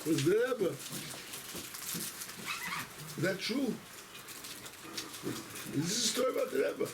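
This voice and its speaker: A man's voice: sits high, expressive, takes it slowly, background noise. A man speaking as a rabbi, telling a rambling, self-interrupting story to his congregation in a synagogue.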